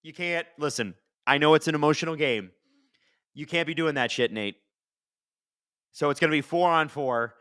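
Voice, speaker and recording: A man hosting a live watch-along of a hockey game, chatting casually and reacting excitedly to the plays. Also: fairly high pitch, moderate pace, pauses often, no echo, clean studio sound. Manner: chatty, excitable, swears casually, talks to chat. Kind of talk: casual live-stream commentary.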